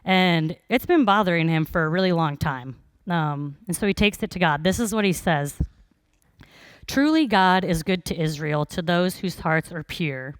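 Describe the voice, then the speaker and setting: Smooth low-voiced woman giving a sermon. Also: animated, normal speed, no echo. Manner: conversational storytelling with frequent "um" fillers. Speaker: preacher.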